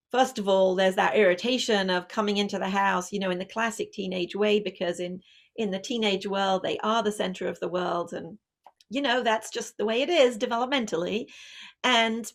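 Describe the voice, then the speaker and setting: A middle-aged woman, an author, giving a lively book talk and acting out family scenes. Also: mid-range voice, vocal fry. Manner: lively storytelling, acts out scenes. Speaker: author and parenting speaker. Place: online video event.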